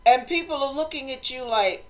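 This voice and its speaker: A woman hosting a motivational talk, speaking conversationally and acting out quoted voices with lively emphasis. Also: high voice, moderate pace. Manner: animated, acts out quoted voices, conversational preaching. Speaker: host.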